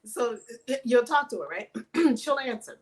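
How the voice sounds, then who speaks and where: A woman's voice: fairly high pitch, lively intonation, normal speed, low-quality recording. A woman telling a funny story in casual chat, acting out quotes and laughing often. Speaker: co-host.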